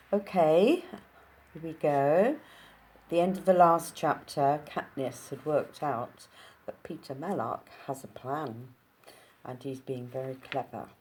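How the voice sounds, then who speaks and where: Slow, low-voiced woman reading a novel. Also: darkish tone, a little hiss or hum. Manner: unhurried, with casual asides to listeners. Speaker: audiobook reader.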